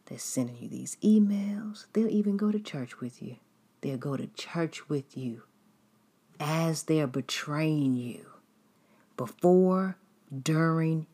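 A woman giving a sermon-style teaching in a slow, soft, half-whispered and drawn-out way. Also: deep voice, slightly rough. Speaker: preacher.

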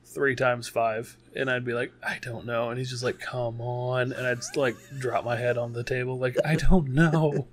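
Man, podcast co-host, relaxed and dry, mid-range voice, faint background noise. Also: mid-range voice, moderate pace. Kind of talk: casual chat.

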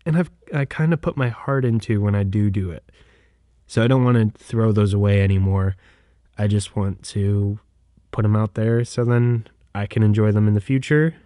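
A young man talks through his own podcast in a casual solo monologue, with a somewhat low voice. He hesitates often, trips over words and restarts his sentences. The sound is close and dry, with no room around it. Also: warm tone, dry recording. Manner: hesitant, frequent restarts and self-corrections. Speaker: podcast host. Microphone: microphone.

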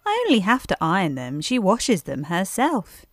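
A woman's voice: mid-range voice, wildly swooping pitch, normal speed. A woman voicing a small, anxious, polite hedgehog washerwoman in a storybook, with eager-to-please chatter. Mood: chatty. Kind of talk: storybook character voice.

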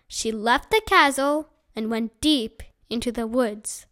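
A woman reading a children's book aloud as a storyteller, gentle and unhurried. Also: a little high.

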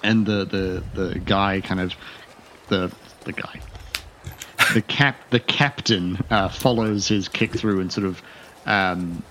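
A man with a fairly low voice narrates as game master of a tabletop role-playing game. He rambles loosely, circling back with fillers and restarts, over faint background noise. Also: slow pace, fairly bright tone.

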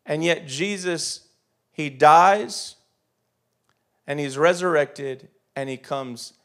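A middle-aged man giving a conversational sermon, emphatic, swinging between loud urging and soft confiding. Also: fairly high pitch, takes it slowly. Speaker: preacher.

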